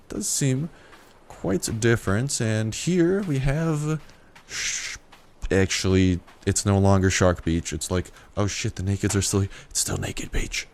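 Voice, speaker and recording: A man's voice: low-pitched, creaky, a little mellow. A young man casually commentating a survival game, playful and joking with profane asides. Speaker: gameplay commentator. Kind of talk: casual let's-play commentary.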